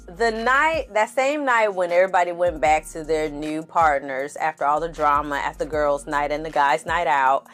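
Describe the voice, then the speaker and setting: A woman hosting a casual reality TV recap, laughing often, swearing freely and calling her viewers "y'all" and "honey.". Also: fairly low pitch. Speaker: TV recap host.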